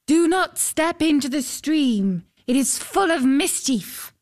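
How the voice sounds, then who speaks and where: A woman voicing a mysterious young water-spirit maiden in a storybook reading, gentle and formal. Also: on the high side, expressive, moderate pace, close to an everyday voice. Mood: warning.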